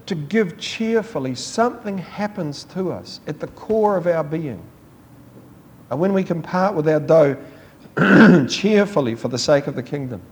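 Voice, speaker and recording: A man's voice: on the high side, a little mellow. A male pastor giving a sermon in a conversational storytelling manner, acting out bits of dialogue with frequent asides.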